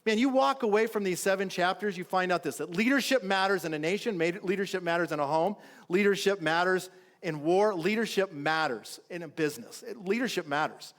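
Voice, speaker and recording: A male pastor preaching with animated storytelling. His voice sits fairly high for a man and climbs as he acts out the figures in his story. When he urges his listeners, he drops into a soft, low tone. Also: a little fast. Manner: animated storytelling preacher, voicing characters with rising pitch. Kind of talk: sermon.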